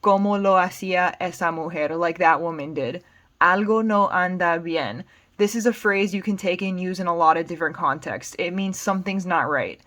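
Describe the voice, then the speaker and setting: Song lyrics get a patient, word-by-word breakdown from this American-accented woman teaching Spanish. Her pitch is fairly low with a bit of brightness, and she moves at a moderate pace, using plain explanations sprinkled with fillers.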